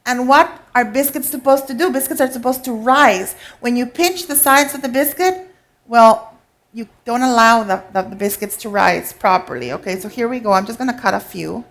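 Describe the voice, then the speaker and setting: A woman leads a live cooking demonstration in a teaching kitchen, explaining each step in a chatty, instructive way. Her voice sits a little high, and she keeps checking that her audience is following along. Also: moderate pace, a bit bright.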